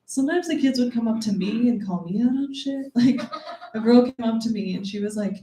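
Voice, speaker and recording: A woman's voice: a little high, animated, a little fast, warm tone. A young woman performing a stand-up comedy set, self-deprecating and often breaking into giggles. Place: comedy club stage. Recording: echoey room, heard from a distance, audible noise.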